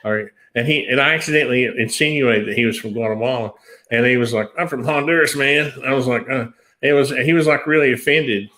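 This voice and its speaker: A man speaking earnestly and in a measured way on a video call, often restarting his sentences. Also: medium pitch, pushed and bright, poor audio. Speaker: panel guest. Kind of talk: casual chat.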